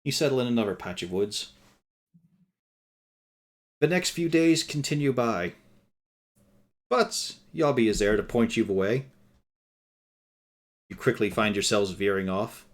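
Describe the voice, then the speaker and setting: A man's voice: lowish voice, lively intonation, measured pace, pauses often. Wry, swearing male game master. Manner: dry, wry narration laced with profanity. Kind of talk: narrating a tabletop game on a live stream.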